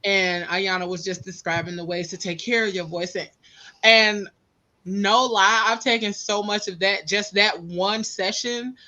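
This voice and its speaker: Southern woman host, bright and lively, chatty and laughing. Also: mid-range voice, unhurried. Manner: animated, laughing storyteller. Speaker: podcast host. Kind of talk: casual podcast chat.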